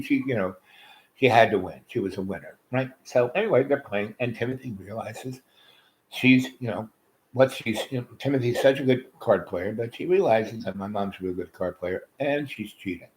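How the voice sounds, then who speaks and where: A man's voice: medium pitch, poor audio. A man telling a rambling personal story, loose and full of fillers and asides.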